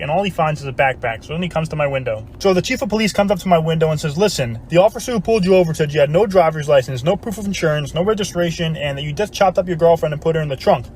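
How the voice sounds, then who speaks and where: Fast-talking man telling jokes. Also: on the high side, slight background noise. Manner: fast, punchline-driven delivery. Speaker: storyteller. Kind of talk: comedic joke telling.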